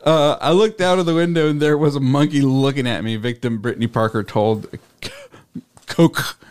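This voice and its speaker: A man's voice: mid-range voice, steady tone, normal speed, a little mellow, smooth. A man co-hosting a podcast, casually telling news stories with lots of swearing. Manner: profane, laid-back news storytelling. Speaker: podcast co-host. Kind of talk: casual chat.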